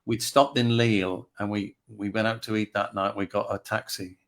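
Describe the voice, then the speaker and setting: A man's voice: on the low side, flat delivery, moderate pace, a bit bright. Chatty English man hosting a stream. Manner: chatty storyteller with frequent ums and laughs. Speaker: host. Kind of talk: casual live-stream chat.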